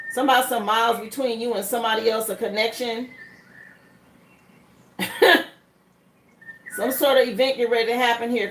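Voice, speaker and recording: A woman giving a live tarot reading in a chatty, rambling way, laughing between points. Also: a little high. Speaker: tarot reader. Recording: echoey room, faint background noise.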